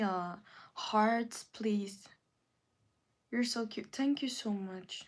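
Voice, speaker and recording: A young woman with a mid-range voice hosts a casual livestream, reading comments aloud. She rants indignantly and repeats herself. Her pitch jumps up sharply when she gets worked up. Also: slow pace, pauses often. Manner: indignant, repetitive ranting with sudden rises in pitch. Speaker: livestream host.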